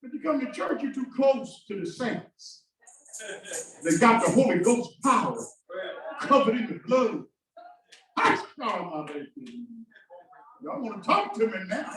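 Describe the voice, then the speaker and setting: Impassioned preacher in an echoing church. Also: male voice, very high voice, sing-song, unhurried, long pauses. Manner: call-and-response preaching, shouting bursts and sudden drops. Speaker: pastor. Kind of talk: sermon. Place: church sanctuary. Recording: very echoey church from a distance.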